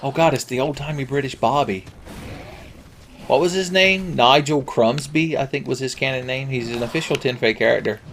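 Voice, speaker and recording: Man, game commentator, sarcastic profane banter, mid-pitched voice. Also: normal speed, a bit bright, slight background noise. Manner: sarcastic, profane, rambling jokes. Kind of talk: let's play commentary.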